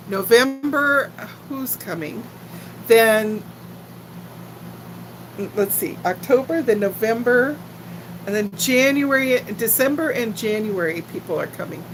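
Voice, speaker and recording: An older woman from Texas, with a faint Texan accent, chats casually and giggles with viewers during a livestream. Her voice is on the high side, and the low-quality recording has a slight hiss or hum.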